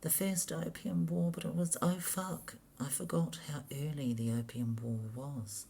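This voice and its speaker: A woman's voice: low voice, fairly even intonation, unhurried, dark tone. A woman reading history pages aloud in a half-whispered mutter, grumbling and swearing constantly as she goes. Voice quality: often whispered, gravelly.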